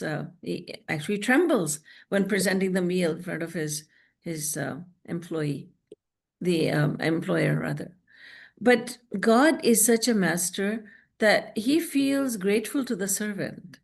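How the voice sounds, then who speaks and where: A woman spiritual teacher giving a devotional lecture over a video call, earnest and storytelling, slowing down to recite scripture verses. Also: lowish voice, vocal fry.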